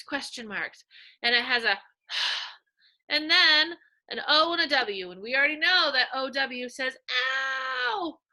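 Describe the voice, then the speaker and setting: Bright-voiced slow, sing-song woman teacher. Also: high-pitched. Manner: slow, sing-song and animated, points to pictures. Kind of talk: early-reading lesson for young children.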